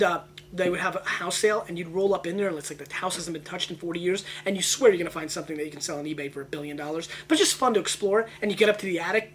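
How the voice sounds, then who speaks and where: A man hosting a casual wine tasting video, brash and excitable, veering off into rambling tangents. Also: high voice, a little hiss or hum. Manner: brash and emphatic. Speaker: wine show host.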